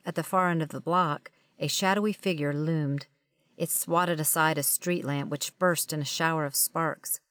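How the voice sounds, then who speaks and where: A female audiobook narrator with a low-pitched voice reads a first-person book in a wry, conversational storytelling manner. The recording is dry and studio quality.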